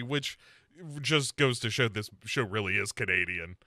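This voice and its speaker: A male podcast co-host telling a story in casual, joking chat. His voice is bright and swings up and down a lot. The sound is dry and close to the mic. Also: on the low side, normal speed, no echo. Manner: animated, recaps scenes with voices. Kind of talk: casual comedic recap.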